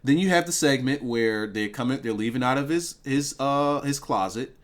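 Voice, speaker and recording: A man's voice: medium pitch, normal speed. Easygoing man chatting about wrestling. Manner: rambling, stops and restarts, jokey. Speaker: wrestling show reviewer. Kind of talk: casual review chat.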